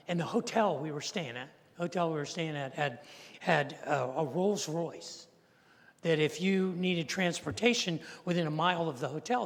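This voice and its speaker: A man in his sixties, a pastor, telling a story in a sermon and acting out the people in it. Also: a little high. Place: church sanctuary. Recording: long reverb of a large church hall.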